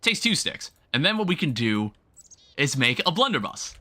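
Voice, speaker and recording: Bright, lively-voiced man streaming a game. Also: fairly high pitch, normal speed. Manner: rambling, self-correcting, chatting with viewers; casual, swears lightly. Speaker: livestreamer. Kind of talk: casual gameplay commentary.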